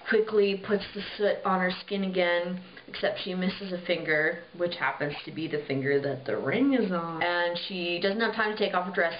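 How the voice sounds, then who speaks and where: Young woman, low-ish voice, casual irreverent storyteller; echoey room. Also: a little hiss or hum. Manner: irreverent, chatty, swears, many fillers. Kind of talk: casual fairy tale retelling. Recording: roomy, dull lo-fi home recording.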